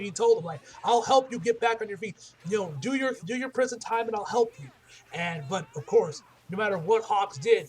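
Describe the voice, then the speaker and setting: A young man recapping an anime episode in casual talk, rambling with many restarts and self-corrections. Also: high voice. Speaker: anime reviewer.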